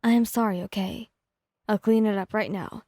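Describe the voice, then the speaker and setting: A woman's voice: mid-range voice, steady tone, moderate pace, no room sound, studio quality, lightly acted. A woman voicing a timid, stammering young partner. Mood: hurt, timid. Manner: soft, hesitant and stammering.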